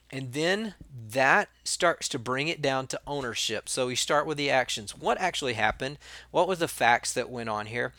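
This former school staff member gives casual advice on resolving conflicts, speaking in a brisk, sharp mid-range voice on a dry recording. He's conversational and sometimes acts out, in quotes, what the kids said and what he said.

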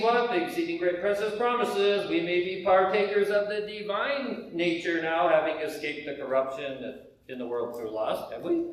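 A high-voiced man from the U.S. preaches to a church congregation, keeping the sermon conversational and full of rhetorical questions. The recording comes from a distance in a very reverberant sanctuary.

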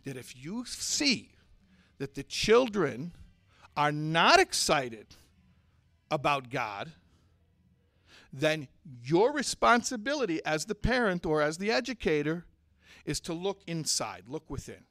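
Impassioned high-voiced man preaching. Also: sing-song, slow pace, pauses often, no echo, studio quality. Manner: impassioned, swinging from hushed storytelling to forceful exhortation. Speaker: Torah teacher and speaker. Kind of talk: sermon to a community audience.

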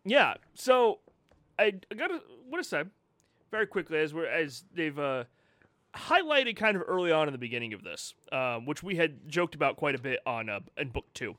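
Male co-host, higher voice, animated, dry sound, casual banter full of quips. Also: normal speed, no echo. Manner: quips, prompts questions, laughs along. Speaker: podcast co-host. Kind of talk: casual chat.

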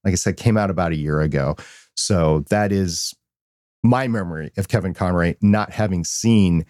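A man co-hosting a geek podcast, reflecting in a relaxed, casual way. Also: low-pitched, moderate pace, dry recording, clean studio sound. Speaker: podcast co-host. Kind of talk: casual chat.

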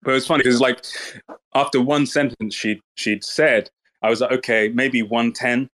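A man's voice: mid-range voice, fairly even intonation, normal speed, fairly bright tone. A man in a casual online voice chat, talking bluntly and swearing freely in a mocking way. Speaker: Twitter space speaker.

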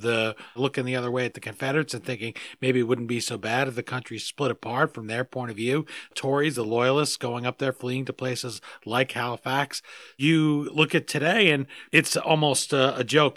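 A man's voice: mid-range voice, fairly bright tone, dry recording. Conversational male interview host. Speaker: podcast host. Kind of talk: interview questions.

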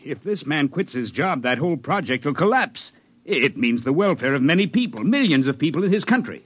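A cautious, dutiful engineer in a 1950s radio play. He speaks politely and with some hesitation, his pitch moving a great deal. The voice sounds dry and close. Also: sing-song, fairly quick, breathy edge, no room sound. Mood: deferential. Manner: polite, says sir often, hesitant. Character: deferential male chief engineer, cautious, dutiful. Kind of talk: 1950s radio drama acting.

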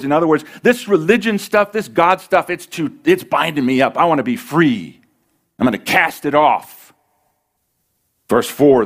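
A man preaching a sermon as pastor, earnest and emphatic, slowing down and pausing for dramatic weight. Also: on the high side, expressive.

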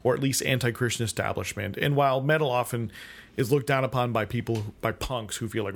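A man's voice: medium pitch, a little fast, vocal fry. American guy rambling on a podcast, keeps restarting his sentences, laughs a lot. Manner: rambling, many restarts and asides, laughs often. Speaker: podcast co-host. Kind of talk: casual conversation.

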